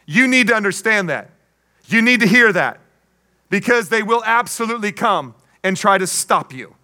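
A male pastor delivers a sermon in a high-pitched voice with an emphatic, call-and-response rhythm. His tone is bright and forceful, and he breaks in with playful jokes and asides between points. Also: expressive, normal speed.

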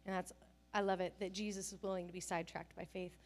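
A woman's voice: lowish voice, quick pace. A middle-aged woman pastor giving a sermon, telling family stories and acting out the people she quotes. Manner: animated storytelling, acts out family scenes and quotes with bursts of laughter.

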